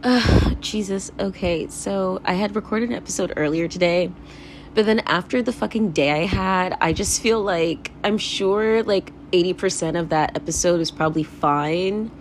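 A woman's voice: lowish voice, normal speed, slight background noise. A young woman hosting a casual solo podcast, talking candidly in a rambling way, full of fillers, swearing and laughter. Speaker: podcast host.

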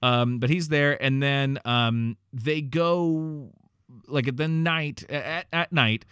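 A man's voice: medium pitch, slow, fairly bright tone, clear, resonant tone, dry recording, studio quality. A man co-hosting a podcast, casually recapping a movie with lots of fillers and restarts and acting out the characters' lines. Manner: rambling, filler-heavy, quotes characters in voices. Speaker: podcast co-host.

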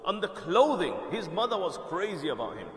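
Very animated and fairly quick, a male Islamic preacher with a voice that sits high relates a religious story as a conversational lecture, repeating words and checking in with the crowd. The recording is from an echoey hall with long reverb.

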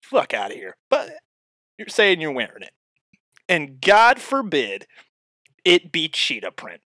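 A man delivering a profane comedic rant straight at the listener, swinging between loud outbursts and muttered asides. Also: on the high side, wildly swooping pitch, unhurried, no room sound, clean studio sound. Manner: heavy swearing, addresses the listener directly.

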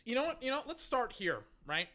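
Bright, excitable ranting reaction host. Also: sits high, fairly quick. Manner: excitable, profane, yelling insults. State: voice getting strained.

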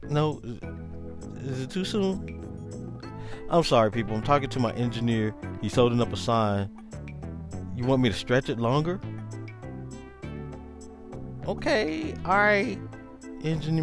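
A man hosting his own podcast in casual, rambling chat, joking around and doing hype-style show intros. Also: medium pitch. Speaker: podcast host.

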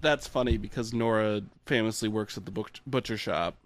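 A man's voice: on the low side, normal speed, no echo. Man tossing in wry podcast asides. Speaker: podcast co-host. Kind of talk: casual chat.

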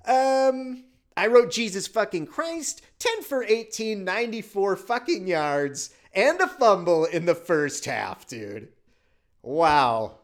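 A man's voice: sits high, big pitch swings, a little slow. A man from Wisconsin hosting a casual sports podcast, ranting in an exasperated, profane way. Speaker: podcast host.

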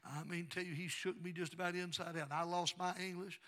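A man, preaching a sermon and telling stories, swinging from quiet narration to shouted praise. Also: sits high, flat delivery, a little fast. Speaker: pastor. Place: church sanctuary.

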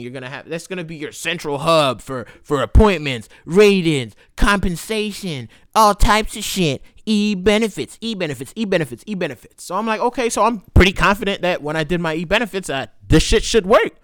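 Animated man ranting, voice leaping high. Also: no room sound, studio quality. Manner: profane, animated ranting with quick asides. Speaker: military veteran telling a story. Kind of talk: casual storytelling monologue.

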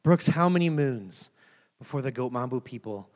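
A preacher retelling an insistent old tribal chief. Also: male voice, medium pitch, expressive, normal speed, close to an everyday voice. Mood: pleading. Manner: urgent, repeating his questions. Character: pleading tribal chief, older man, insistent. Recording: long reverb of a large hall.

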